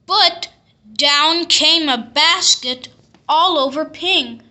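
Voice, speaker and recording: Slow, bright-voiced woman reading a storybook. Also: high-pitched. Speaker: storybook reader. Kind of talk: reading a picture book aloud.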